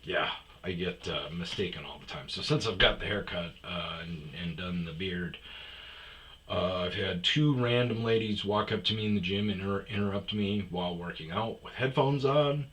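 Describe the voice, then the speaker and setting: A man hosting a podcast, telling personal stories in a casual, rambling way, with frequent "uh"s and restarts, switching to a higher voice to mimic other people. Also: moderate pace, a bit bright, low-quality recording. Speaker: podcast host.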